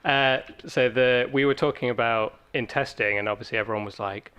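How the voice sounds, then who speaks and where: A man's voice: mid-range voice, a bit bright, smooth, highs cut off. Laughing chatty male podcast co-host. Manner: laughs often, quick interjections. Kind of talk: casual chat.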